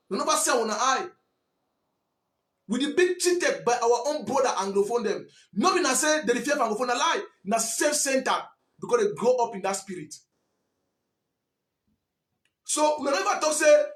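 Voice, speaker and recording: A man's voice: extremely high pitch, a bit bright, reverberant. A man from Southwest Cameroon with a Cameroonian Pidgin English accent, scolding and repeating himself in an impassioned monologue. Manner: preachy, repetitive, scolding. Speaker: commentator.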